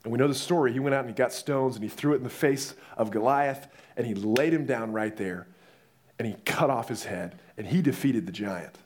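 A young man preaching a sermon, telling the story in a lively way and acting out the voices. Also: mid-range voice, brisk.

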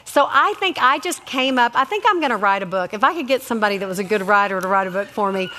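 A middle-aged woman telling faith-based stories about family in a casual, animated way, acting out voices and adding many asides. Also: medium pitch, quick pace, long reverb tail, slight background noise. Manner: animated, acts out quoted voices, lots of asides.

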